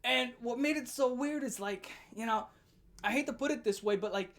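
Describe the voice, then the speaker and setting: Profane, animated New woman ranting. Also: on the high side, normal speed. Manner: animated and profane, breaking into loud laughing shouts. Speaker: vlogger. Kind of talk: storytime rant.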